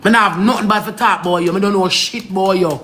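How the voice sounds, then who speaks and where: A Jamaican woman talks straight into her livestream at a mid pitch, scolding and pleading in thick patois. She circles back to the same phrases again and again, and a faint hiss sits under her voice. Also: quick pace, fairly bright tone. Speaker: social media live streamer. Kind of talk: heated livestream rant.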